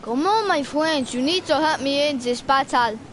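A woman's voice: sits high, normal speed, a little hiss or hum, close to an everyday voice. A woman putting on a rambling put-on African accent. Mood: pleading. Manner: commanding, rambling, silly. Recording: game music clearly behind.

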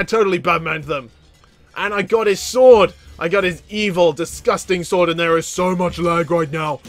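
Bright, high-voiced excitable gamer man. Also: faint music behind. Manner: excitable, quick to laugh, bursts of loud exclamations. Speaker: gaming channel host. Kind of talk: excitable gameplay commentary.

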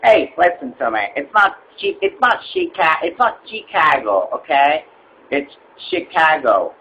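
A man playing a high-pitched, irate customer. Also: wildly swooping pitch, unhurried, dull audio, slight background noise, heavily acted. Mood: exasperated. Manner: exasperated, blunt, spells letters out loudly. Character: irate male customer, impatient and rude. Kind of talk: comedy sketch.

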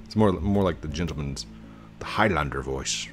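A man's voice: a bass voice, normal speed, faint music behind. A man giving casual let's-play commentary, chatting playfully to himself and his viewers as he plays. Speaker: YouTube gamer.

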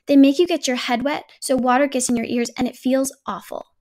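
A woman reading a children's storybook aloud, voicing an anxious little boy in a hushed, reluctant way. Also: sits high, steady tone, a little fast, close to an everyday voice. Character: anxious little boy clinging to his toy.

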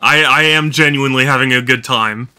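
Tired male streamer, rambling commentary, very bright edgy voice, faint game music underneath. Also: mid-range voice, fairly quick, clear, resonant tone. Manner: rambling, many fillers and restarts. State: tired, yawning. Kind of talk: casual live-stream commentary.

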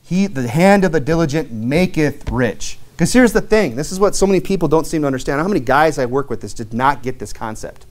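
A middle-aged man preaching a sermon from a church pulpit. His voice sits a little high for a man, and he talks in a loose, storytelling way, dropping in lots of "you know" and "right?" He reads scripture aloud, then puts it in plain words. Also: expressive, a little fast, hardly any pauses. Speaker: deacon preaching. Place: church sanctuary.

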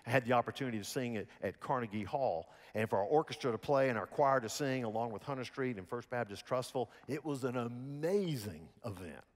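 A man with a Southern American accent from Alabama, preaching a sermon in a folksy storytelling manner with lively voiced quotes. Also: mid-range voice, fairly quick, hardly any pauses, big-room sound. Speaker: pastor. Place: church sanctuary.

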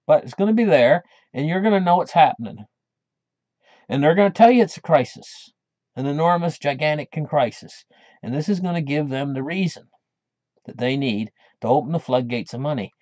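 A man's voice: on the high side, darkish tone, no room sound. A man hosting his own channel, talking in a casual monologue that rambles, with many restarts. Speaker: channel host. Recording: dull lo-fi dry recording.

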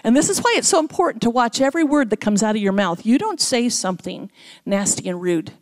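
A middle-aged woman preaches a sermon as guest speaker in a church. Her voice sits a little high. She tells stories with animation and acts out the voices of the people in them. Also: lively intonation, quick pace. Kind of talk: sermon storytelling.

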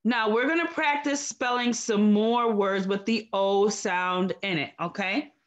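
A woman teaching a recorded phonics lesson to young children, slow, clear and encouraging. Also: on the high side, highs cut off.

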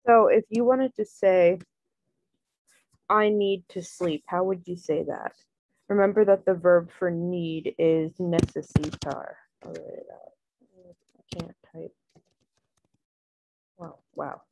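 Tutor: woman with a lowish, gravelly voice, relaxed and filler-heavy, dry close sound. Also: takes it slowly, long pauses, no room sound. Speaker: Spanish tutor. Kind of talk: casual online lesson.

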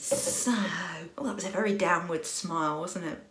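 An English woman talking casually to camera, chatty and rambling, with a self-mocking sense of humor and quick asides. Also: lowish voice, noisy background. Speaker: singer and vlogger. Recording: roomy echo.

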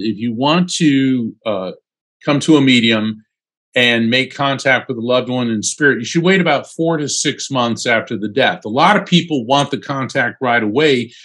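As an interview guest, a male attorney and psychic medium recounts stories in a relaxed, lively way, often saying "um." His pitch is medium.

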